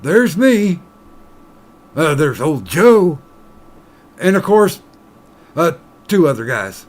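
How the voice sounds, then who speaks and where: A man voicing a sly old male bartender in a told joke, speaking in a slow, raised drawl. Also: fairly high pitch, very animated, pitched above the performer's own voice.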